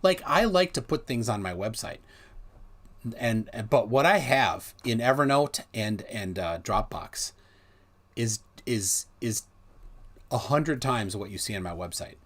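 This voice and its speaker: A middle-aged man hosting a livestream, talking casually in a rambling, animated way with many restarts. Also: on the low side, measured pace. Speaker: livestream host.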